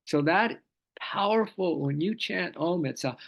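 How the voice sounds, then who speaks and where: A gravelly-voiced man leads a scripture class, pitched a little high. He speaks fervently, circling back on his phrases and drawing out long chanted vowels. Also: unhurried. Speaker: spiritual teacher.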